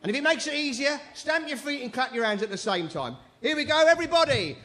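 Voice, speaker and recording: A cheeky man compering a live show on stage, his voice high and bright as he teases the audience. He trades bawdy jokes and quick banter with the crowd. His tone is forceful and sharp throughout the set. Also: very animated. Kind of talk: stand-up compering.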